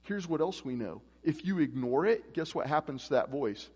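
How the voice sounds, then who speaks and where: A man's voice: fairly high pitch, lively intonation, moderate pace, darkish tone, husky. A man preaching a casual, conversational sermon as pastor, acting out voices in his stories. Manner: conversational, acts out quoted voices. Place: church. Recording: echoey church hall.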